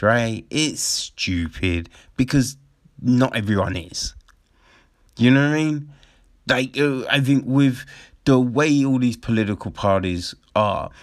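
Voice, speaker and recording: Sarcastic sweary dude ranting, slow talker, voice jumps all over. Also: male voice, medium pitch, dry recording, clean studio sound. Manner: profane, sarcastic, keeps asking "right?". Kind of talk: casual commentary rant.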